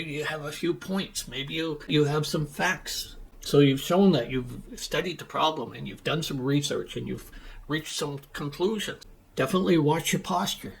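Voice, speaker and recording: A middle-aged man coaching business English, speaking in a clear, deliberate, emphatic way with pauses. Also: on the high side. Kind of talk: teaching monologue to camera.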